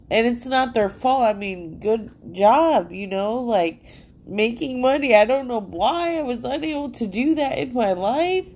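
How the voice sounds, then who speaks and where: A woman's voice: medium pitch, a little mellow. Profane rambling woman with a stuffy nose. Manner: profane, rambling, heavy filler "like". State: congested nose. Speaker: solo podcast host. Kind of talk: casual rambling monologue. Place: at home.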